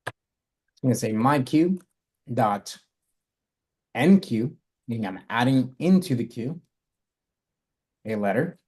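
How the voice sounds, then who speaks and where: A man's voice: mid-range voice, expressive, slow pace, pauses often, darkish tone. Man talking through code step by step. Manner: talks through code step by step, self-correcting. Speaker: coding instructor. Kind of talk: live coding lesson.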